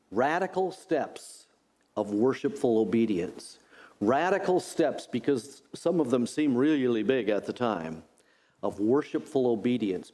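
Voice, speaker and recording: A middle-aged man delivering a sermon at an unhurried, measured pace. His voice is warm and mellow, and he leans on repeated phrases to drive each point home. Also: medium pitch. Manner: deliberate, repeats key phrases for emphasis. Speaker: pastor.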